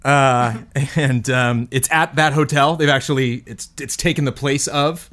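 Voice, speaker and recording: A man spins an improvised story during a tabletop role-play session. He hesitates and restarts often, sounding amused, at an average pitch. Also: steady tone, unhurried, a bit bright.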